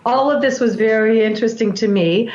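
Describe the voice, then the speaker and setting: A woman breathwork practitioner with a somewhat high voice talks in an interview. She explains calmly and steadily, often circling back to restart a thought. The recording sounds roomy and a little muffled. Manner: calm, measured explaining with frequent restarts.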